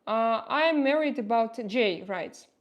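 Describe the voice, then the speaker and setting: Woman, Russian accent, slightly high voice; relaxed livestream host chatting with viewers over a phone or laptop mic. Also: unhurried, muffled recording. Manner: chatty, reads and answers viewer comments, laughs often. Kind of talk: casual livestream chat.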